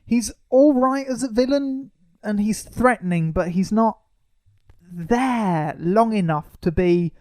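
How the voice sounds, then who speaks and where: Casting note: man, fairly high voice, dry close mic, sarcastic film-review banter. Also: measured pace, a little mellow, dry recording. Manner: wry, sarcastic asides. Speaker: podcast co-host. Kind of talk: casual film review chat.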